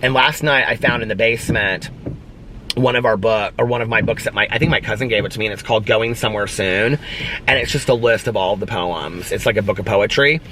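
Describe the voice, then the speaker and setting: Excitable, emotional male book vlogger. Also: fairly low pitch, brisk, slight background noise. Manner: excitable, emotional, rambling with many fillers. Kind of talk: casual chat to camera. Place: at home.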